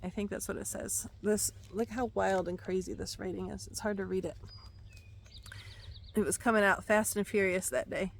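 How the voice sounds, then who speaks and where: A woman speaking as a Christian devotional speaker in a casual, reflective way, thinking aloud and often pausing to search for words. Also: mid-range voice, fairly even intonation, vocal fry, slight background noise. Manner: thoughtful, hesitant, searching for words.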